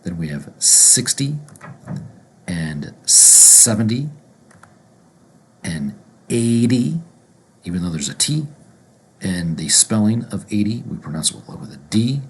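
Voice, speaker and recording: A man teaching pronunciation, speaking deliberately and repeating each word slowly. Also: deep voice, big pitch swings, a little hiss or hum. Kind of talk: slow instructional explanation.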